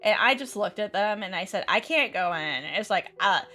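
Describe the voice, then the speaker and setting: Young woman rambling about her week, lots of ums and restarts, bright tone, soft music behind. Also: mid-range voice, animated, normal speed. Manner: rambling, lots of fillers and restarts, laughs often. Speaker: teacher and content creator. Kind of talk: casual storytelling chat while gaming.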